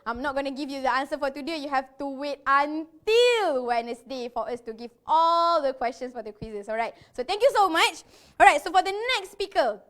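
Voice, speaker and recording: A woman's voice: high voice, a bit bright. A woman hosting an online training event, reading out quiz questions in a chatty, breathless way and repeating herself. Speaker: event host running quizzes.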